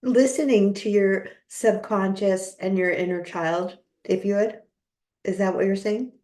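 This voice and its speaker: A woman hosting an interview podcast, answering with warm, affirming replies. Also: medium pitch, fairly even intonation, measured pace. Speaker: podcast host. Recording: echoey room.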